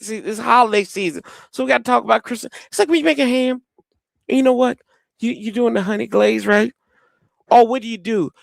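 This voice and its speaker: A man hosting a live game watch party, reacting excitedly and rambling into jokes. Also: high-pitched, creaky, no room sound, clean studio sound. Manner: excitable, rambling, joking, teases the players. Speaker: host of a watch-party stream.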